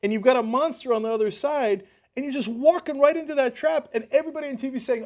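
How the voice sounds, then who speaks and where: A man hosting a political talk show, giving animated and worked-up commentary. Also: very high-pitched, fast, hardly any pauses.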